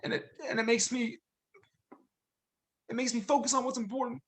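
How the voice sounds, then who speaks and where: A man's voice: very high voice, steady tone, moderate pace. Upbeat casual man saying dude a lot. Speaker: gym owner and podcast guest. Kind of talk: casual podcast interview.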